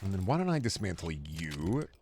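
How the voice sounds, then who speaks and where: A man streaming a game, chatting casually with viewers in animated, profane bursts. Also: deep voice, moderate pace, slight background noise. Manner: animated, swearing, mock-scolding outbursts. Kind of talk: casual gameplay commentary.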